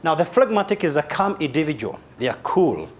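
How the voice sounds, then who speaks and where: Lively Kenyan man giving a seminar. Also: fairly high pitch, fairly quick. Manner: humorous, animated, spells key words aloud. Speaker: motivational speaker. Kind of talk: live seminar talk.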